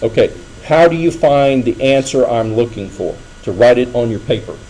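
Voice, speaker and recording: Lively intonation marks this middle-aged engineering lecturer, whose medium-pitched, mellow voice moves at normal speed despite poor audio. He teaches conversationally, regularly asking students checking questions.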